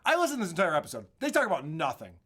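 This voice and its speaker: A man's voice: on the high side, wildly swooping pitch, racing, a bit bright, slightly rough. A man co-hosting a podcast, casually commenting on radio clips with profane, mocking humor. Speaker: podcast co-host.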